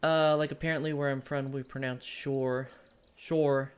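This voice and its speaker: A woman from the United States chats casually with viewers while streaming a strategy game. Her low-pitched voice is clear and resonant, level in tone, and she talks fast, rambling with many fillers and restarts.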